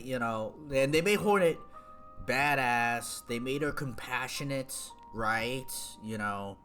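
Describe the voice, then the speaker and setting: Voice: mid-range voice, fairly bright tone. A streamer chatting casually about a video game, rambling with lots of fillers and restarts.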